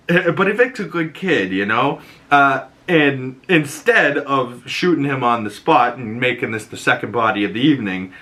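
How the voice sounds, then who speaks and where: Bright-voiced man recapping a show. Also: mid-range voice. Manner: rambling, profane, excitable. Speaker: podcast host. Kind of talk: casual episode recap and reaction.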